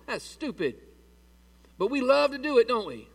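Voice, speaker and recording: A man's voice: very high-pitched, sing-song, moderate pace, creaky, slightly rough, recorded from a distance. A man preaching a sermon in a church in a folksy, conversational way and asking the congregation questions. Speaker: pastor.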